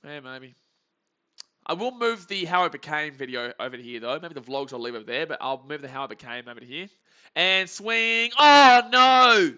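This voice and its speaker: A man hosting a live game reaction stream, chatty and prone to excited shouts. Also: medium pitch, fast. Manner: chatty, reads chat, bursts into excited shouts.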